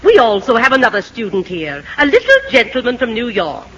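A prim, strict schoolmistress. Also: female voice, on the high side, huge pitch swings, brisk, fairly bright tone, breathy edge, heavily acted, low-quality recording. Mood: stern. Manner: prim, stern and formal. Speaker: teacher. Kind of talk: 1940s film acting.

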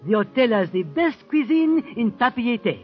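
A fussy French waiter. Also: male voice, very high-pitched, very animated, moderate pace, faint music behind. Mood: obsequious. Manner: obsequious, lilting, sprinkles French phrases. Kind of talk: 1940s radio acting. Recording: dull old radio recording.

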